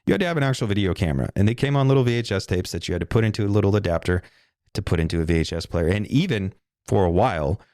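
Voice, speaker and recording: A middle-aged man with a deep, low voice talks alone into the mic, wandering from thought to thought. He swears freely and keeps it loose and casual. The sound is close and dry, with no room around it. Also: expressive, racing, darkish tone, no echo. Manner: casual, profane, digressive. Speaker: podcast host. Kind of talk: rambling solo monologue.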